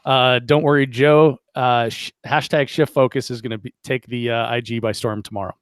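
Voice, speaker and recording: A man hosting a casual podcast interview, relaxed and chatty, reading out listener comments and asking long questions. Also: mid-range voice, moderate pace, no echo. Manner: relaxed, chatty, reads live chat aloud. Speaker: podcast host.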